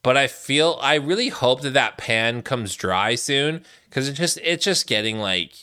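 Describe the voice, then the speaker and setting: A man's voice: mid-range voice, animated, measured pace, sharp tone, clean tone. Ranting, profane podcast co-host man. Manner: ranting, profane, acts out quoted people. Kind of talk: casual chat.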